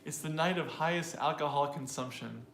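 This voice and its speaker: A man coaches English pronunciation in a relaxed, chatty way, often restarting his sentences as he thinks aloud. He talks straight to his learners. The room sounds echoey, with a faint hum of background noise behind him. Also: on the high side, moderate pace, creaky. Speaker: pronunciation teacher. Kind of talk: casual teaching chat.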